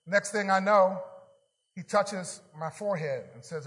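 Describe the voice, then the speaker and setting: Animated high-voiced preacher in a reverberant hall. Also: male voice, measured pace. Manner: animated testimony, whispering quotes then shouting. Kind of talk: storytelling sermon.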